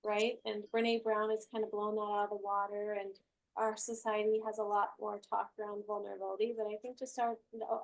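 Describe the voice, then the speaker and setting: A woman's voice: medium pitch, little pitch movement, brisk, vocal fry. A woman hosting a group class on a video call, chatting casually and telling a story with lots of laughter. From Utah. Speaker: group coaching class host.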